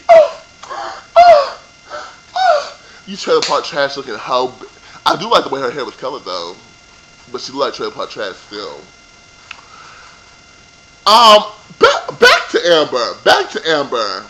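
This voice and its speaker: A man's voice: mid-range voice, wildly swooping pitch, a little slow, pauses often, sharp tone, a little hiss or hum, rough recording. A young man ranting casually about a reality show reunion, sassy and profane. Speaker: vlogger reviewing a reality show. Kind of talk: casual rant.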